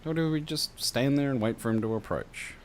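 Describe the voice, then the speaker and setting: A man's voice: mid-range voice, a little fast, slight background noise. A man, narrating a story game on stream and chatting loosely with viewers, with plenty of fillers. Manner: relaxed, chatty, hesitant with fillers.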